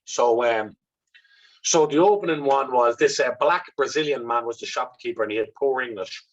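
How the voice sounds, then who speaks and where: A man's voice: mid-range voice, moderate pace. A blunt Irish man telling candid stories as an interview guest, swearing freely and talking with animation. The recording is dull and lo-fi, with the top end rolled off. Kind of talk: candid storytelling.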